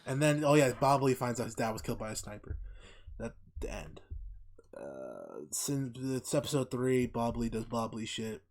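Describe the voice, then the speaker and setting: A man co-hosting a casual podcast, recapping a TV show in a profane, animated way and acting out the characters' lines. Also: mid-range voice, normal speed. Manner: profane, animated retelling with acted-out quotes. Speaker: podcast co-host.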